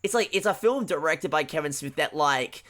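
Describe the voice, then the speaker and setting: Bright-voiced man ranting about a movie. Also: on the high side. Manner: animated, profane, halting with many restarts. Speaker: podcast co-host. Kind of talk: casual film-review chat.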